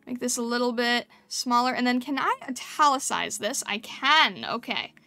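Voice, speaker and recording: A woman's voice: fairly high pitch, animated, moderate pace, pushed and bright, faint music behind. A woman streamer chatting casually with her chat and thinking aloud while she paints over and critiques thumbnails.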